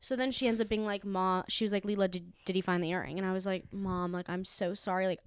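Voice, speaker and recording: A woman's voice: mid-range voice, fairly even intonation, quick pace, clean tone. A young woman co-hosting a podcast, telling a frank story in casual chat, swearing freely and acting out the quotes. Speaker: podcast co-host. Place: indoors, room at home.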